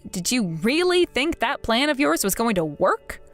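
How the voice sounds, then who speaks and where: A woman speaking firmly and coldly as a daughter cutting off her family in an animated story. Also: a little high, moderate pace, faint music behind. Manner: firm and cold. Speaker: narrating daughter.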